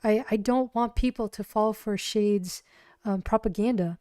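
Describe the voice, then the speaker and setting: A woman voicing a determined young female hacker in a cyberpunk tabletop game, speaking earnestly with halting restarts. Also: medium pitch, mellow, no room sound, clean studio sound, natural voice.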